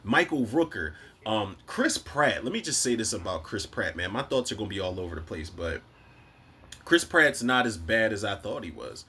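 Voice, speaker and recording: A man's voice: fairly low pitch, very animated, normal speed, bright, forceful tone, slight background noise. A man with a Philadelphia accent giving a casual, rambling movie review, full of slang and swearing, quoting lines from the films as he goes.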